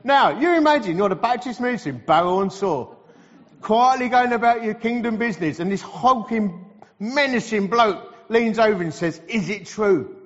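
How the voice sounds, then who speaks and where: A middle-aged man, preaching a sermon as a lively, humorous storyteller in a large hall. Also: high voice, normal speed. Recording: reverberant hall, slightly dull sound.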